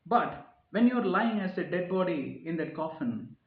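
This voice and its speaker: A man's voice: high voice, expressive, unhurried, narrow, tinny audio. Earnest man preaching in an echoey room. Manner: earnest, repeats phrases and restarts, rising emphasis on key points. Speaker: speaker giving a reflective talk. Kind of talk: informal sermon-style reflection.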